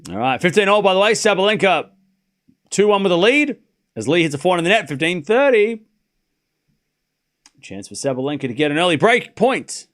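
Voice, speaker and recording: A man's voice: sits high, very animated, fairly quick, long pauses, fairly bright tone. A man hosting a live tennis watchalong stream, calling scores casually between chatty, laughing asides, swearing freely. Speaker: stream host. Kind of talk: live sports watchalong commentary.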